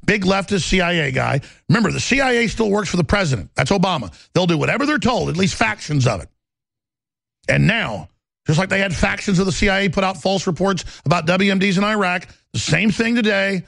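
A man's voice: high voice, lively intonation, fairly quick, vocal fry, dry recording. A man hosting a talk show, ranting angrily and mockingly in studio commentary, with sneering impressions of others. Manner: angry, mocking, shouting rants with sneering impressions.

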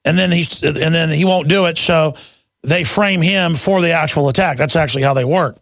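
A man's voice: a little high, moderate pace, vocal fry, a bit bright, no room sound. A man hosting a call-in talk radio show, ranting intensely and combatively into a studio mic.

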